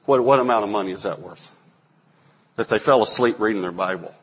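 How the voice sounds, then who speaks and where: Male pastor, 40s, low husky voice, animated sermon storyteller. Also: fairly quick. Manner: storytelling, acts out quotes with sudden loud bursts.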